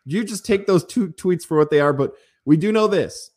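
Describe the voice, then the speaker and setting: A man's voice: high-pitched, a little mellow. A male host in casual sports talk, running through news with sarcastic, gossipy remarks. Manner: fast, sarcastic, gossipy delivery.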